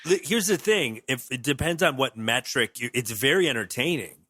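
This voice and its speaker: A man talking on a casual comedy podcast, amused and animated. His pitch rises and falls freely, and his voice is bright. The recording is dry and close. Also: moderate pace, slightly rough, no echo.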